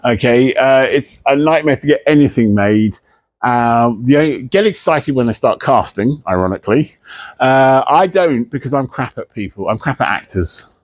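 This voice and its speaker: Male author, mid-pitched, dry close sound; loose anecdotal Q&A delivery with swearing and jokey asides. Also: lively intonation, moderate pace, no echo. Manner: chatty, swears freely, comic asides and put-on voices. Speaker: author at a library talk. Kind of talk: live author Q&A, casual anecdotes. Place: library event room, indoors.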